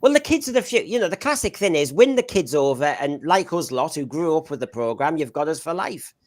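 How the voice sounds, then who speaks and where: A man's voice: on the high side, expressive, fairly quick. A man co-hosting a casual podcast discussion, rambling, laughing mid-sentence and searching for names. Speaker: podcast co-host.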